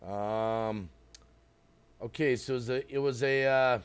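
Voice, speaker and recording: A man hosting a casual livestream, greeting viewers by name, reading chat aloud and rambling as he thinks out loud. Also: medium pitch, fairly even intonation, slow, smooth, no echo. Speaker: livestream host.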